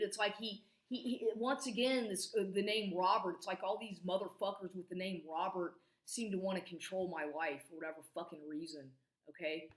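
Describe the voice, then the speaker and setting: A woman's voice: on the low side, normal speed. A woman telling a personal story in an angry, rambling way, swearing a lot, repeating herself and restarting her sentences. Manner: profane, agitated, repeats and restarts. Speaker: vlogger. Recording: echoey room.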